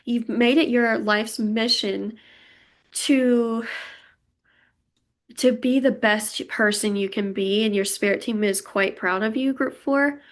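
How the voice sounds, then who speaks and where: A woman's voice: a little high, steady tone, slow. A young woman giving a pick-a-card tarot reading, emotional and gushing as she talks straight to her viewers. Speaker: tarot reader.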